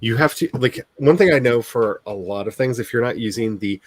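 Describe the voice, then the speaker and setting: An Ozarks-born author hosts a writing stream, chatting casually and rambling while laughing often. He speaks briskly at a medium pitch in a neutral voice that isn't his natural one, and the recording has no echo.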